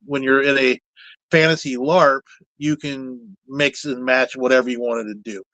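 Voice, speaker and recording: Relaxed and meandering, a male guest who builds puppets talks frankly at a moderate pace, his words a little salty with mild swearing. The close, dry audio carries no echo, and his pitch is middle-of-the-road.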